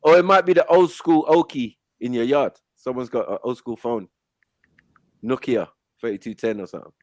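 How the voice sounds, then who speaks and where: A man's voice: medium pitch, normal speed, a little mellow, no room sound. A man, casually bantering and joking with friends on a live panel, laughing often and using street slang.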